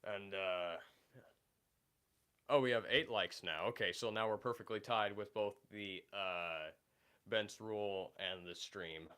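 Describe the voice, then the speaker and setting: Deep-voiced man rambling on a stream. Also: slow, sharp tone, clear, resonant tone. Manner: rambling and hesitant, many fillers and restarts. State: recovering from illness. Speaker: livestream host reading chat. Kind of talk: casual live-stream chat.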